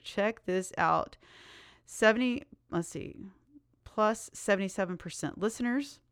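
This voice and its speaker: A middle-aged woman hosts her own podcast with bubbly, chatty enthusiasm. Her voice is smooth and clear, with a mid-range pitch. She is recorded up close on a dry mic with no room sound. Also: expressive, a little slow, no room sound. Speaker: podcast host. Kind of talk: casual solo podcast chat.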